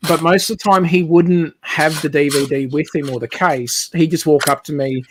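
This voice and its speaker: A man chatting casually on a video call, with a voice a touch higher than most men's. He rambles through an animated anecdote. A faint hiss sits underneath. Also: normal speed. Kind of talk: casual chat.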